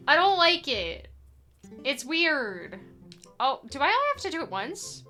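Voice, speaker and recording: A young woman talks over her gameplay in a bright, slightly high voice, unhurried and rambling with plenty of "like" as she goes. Her tone is playful and casual, with faint game music under her voice. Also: big pitch swings. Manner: playful, rambling, lots of filler "like". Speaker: streamer playing a randomized adventure game.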